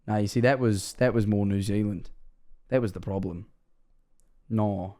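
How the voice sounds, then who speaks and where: A young Englishman with an English accent chats casually on a livestream, his medium-pitched voice lively and at a normal pace. The streamer rambles, jokes and swears through his reaction chat.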